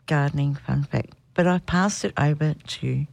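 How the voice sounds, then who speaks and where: A woman hosting a casual community radio gardening show, chatty and quick to laugh. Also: deep voice, vocal fry, a little mellow, dry recording. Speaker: radio host.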